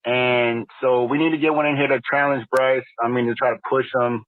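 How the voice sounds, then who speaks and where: A man's voice: mid-range voice, fairly even intonation, brisk, dry recording. Male caller on a tinny phone line. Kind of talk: call-in opinion.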